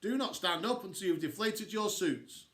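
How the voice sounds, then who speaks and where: A man's voice: sits high, lively intonation, normal speed, fairly bright tone, echoey room, pitched above the performer's own voice. A man reading a story aloud, voicing a stern female space-school boss who barks orders. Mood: commanding. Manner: barking orders.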